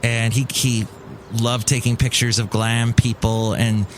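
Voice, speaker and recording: A man's voice: mid-range voice, little pitch movement, measured pace. A middle-aged man in a mid-range voice talks alone into his mic, wry and grumbling. He mocks other people in put-on voices, and a faint hiss sits under his casual chatter. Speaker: podcast host. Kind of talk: casual solo monologue.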